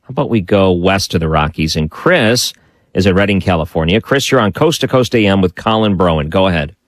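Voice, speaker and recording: A man hosting a late-night call-in radio talk show, chatty and musing out loud as he takes calls. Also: sits low, animated, fairly quick, dry recording.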